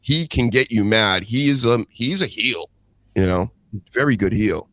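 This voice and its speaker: A man co-hosting a podcast, chatting casually in an animated, rambling way and laughing easily. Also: lowish voice, a little slow, no room sound. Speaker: podcast co-host. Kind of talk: casual chat.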